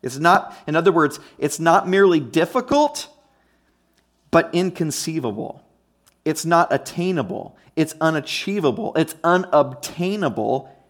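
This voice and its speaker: A man's voice: fairly high pitch, expressive, unhurried. A man preaching a conversational teaching sermon, emphatic and often checking in with his listeners. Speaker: pastor.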